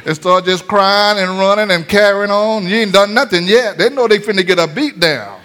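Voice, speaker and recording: High-voiced pastor, animated sermon, acts out voices. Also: male voice, moderate pace. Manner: lively preaching, acts out voices, laughs often. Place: church sanctuary.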